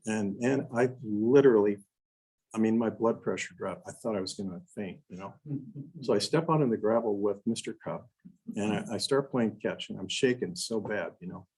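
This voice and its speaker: Husky older man telling stories. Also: lowish voice, normal speed, poor audio. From Wisconsin. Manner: animated storyteller, acts out quotes, frequent "you know" and restarts. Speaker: guest speaker. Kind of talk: storytelling talk to a club.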